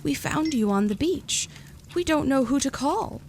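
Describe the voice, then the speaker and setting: A woman voicing a gentle, excitable elderly woman with white hair, cooing softly in a storybook reading. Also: high voice, a little slow, slight background noise, voice pushed up.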